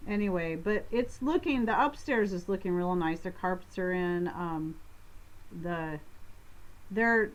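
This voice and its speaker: A woman's voice: fairly low pitch, lo-fi sound. Rambling homestead woman on a live chat. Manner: rambling, self-interrupting, quick laughs. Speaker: co-host of a homestead live show. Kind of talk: casual live-stream Q&A chat.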